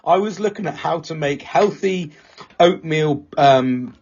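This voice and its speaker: A man's voice: a little high, a little slow, darkish tone, muffled recording. A man co-hosting a casual podcast chat, rambling and swearing freely, with a tension headache. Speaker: podcast co-host.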